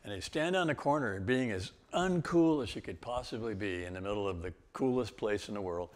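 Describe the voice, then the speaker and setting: An older man giving a guest-speaker testimony, telling his story in a lively way with laughs and sudden exclamations. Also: fairly low pitch, normal speed. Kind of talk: testimony talk.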